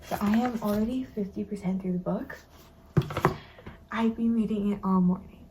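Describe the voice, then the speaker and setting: A woman's voice: medium pitch, moderate pace, noisy background. A young woman casually chatting about a book she is reading for her vlog, often half-whispering and using many fillers. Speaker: book vlogger.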